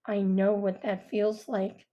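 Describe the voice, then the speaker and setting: A woman voicing a brooding, guarded young man who speaks low, slow and subdued in an audiobook. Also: flat delivery, lo-fi sound, natural voice. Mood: somber.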